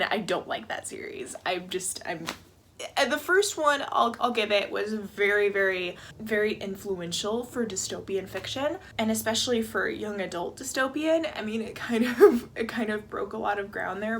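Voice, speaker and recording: A woman talking casually to camera in a book-chat vlog. She rants in an animated way, cuts herself off often and drops into whispered asides. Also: medium pitch, a little hiss or hum. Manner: animated, self-interrupting, trails off into whispered asides. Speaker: book vlogger.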